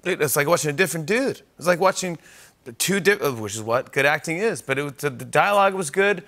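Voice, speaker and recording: Host guy, kinda high voice, eager, lots of uh's and restarts. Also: lively intonation, a bit bright. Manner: enthusiastic, halting, many fillers. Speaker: podcast host. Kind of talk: casual interview chat.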